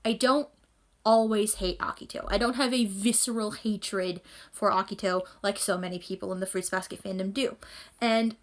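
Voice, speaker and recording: A woman's voice: mid-range voice, steady tone, normal speed. A woman rambling enthusiastically as she reacts to an anime episode in a casual vlog, recorded on a phone at home. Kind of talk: casual chat.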